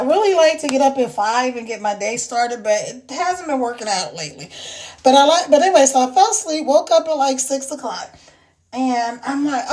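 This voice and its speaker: A bright, high-voiced woman hosts a casual livestream from home, speaking into her phone. She chats freely and laughs often, welcoming viewers as she moves about the house. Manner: walking around while talking. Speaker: livestream host.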